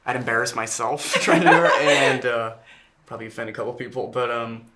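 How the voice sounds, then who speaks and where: A man being interviewed as an actor at a press junket, talking in halting, self-correcting bursts as he searches for words. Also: mid-range voice, fairly even intonation, very noisy.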